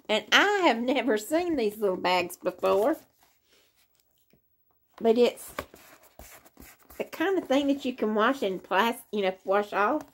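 An older woman, chatting casually to her viewers from her living room in a rambling, sleepy way. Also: medium pitch. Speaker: crochet vlogger. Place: living room, in a hospital bed.

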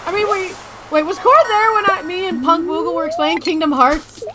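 A woman hosting a casual co-op gaming session, goofy and excitable, joking around with friends over a voice chat mic. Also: very high voice, a little fast. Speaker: let's play host. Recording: noisy background hiss.

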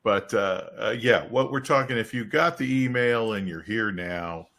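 A man's voice: lowish voice, a little slow, vocal fry, a bit bright. A man hosting a casual company webcast, joking and rambling with restarts. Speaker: webcast host.

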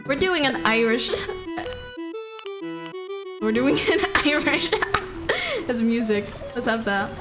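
High-voiced playful woman streamer. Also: slow, pauses often. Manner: playful, giggly, bursts into excited yelps. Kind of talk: live game-stream commentary. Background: game music.

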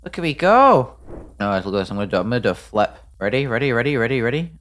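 A British man commenting on his own gameplay as a video creator, jokey and excitable, breaking into sudden loud yelps. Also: mid-range voice, fast talker. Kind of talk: playing a game and commenting.

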